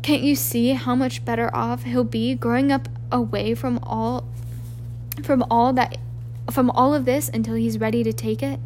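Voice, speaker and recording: A woman reading an audiobook, voicing a wise old male wizard in a calm, firm, quiet manner. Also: fairly high pitch, moderate pace, slight background noise, lightly acted. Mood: grave.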